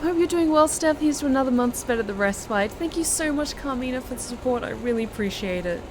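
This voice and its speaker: A woman's voice: high-pitched, expressive, fast talker, few pauses, noisy background. A woman streamer chatting casually through live gameplay, thanking viewers by name. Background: music.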